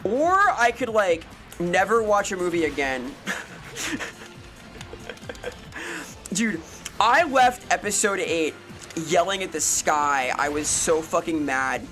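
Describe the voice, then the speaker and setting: A woman's voice: on the low side, big pitch swings, a little slow, fairly bright tone, faint music behind. Ranting, profane woman streamer. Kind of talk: casual live-stream chat answering viewers.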